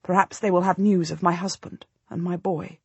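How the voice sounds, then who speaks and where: Breathy woman narrating an audiobook. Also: lowish voice, little pitch movement, dry recording. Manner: measured, storytelling. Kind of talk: first-person scripted narration.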